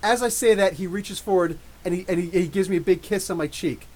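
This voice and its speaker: A man with a high voice chats through an excited story on his podcast. He acts out lines of dialogue as he goes, and his delivery stays loose and animated. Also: fairly quick, low-quality recording. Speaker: podcast host. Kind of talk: casual live storytelling.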